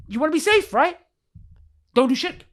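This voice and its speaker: In a religious podcast discussion, a man with a very high-pitched, sing-song voice speaks with emotion. He repeats himself for emphasis, restarts sentences, and recites Arabic verses in quick bursts.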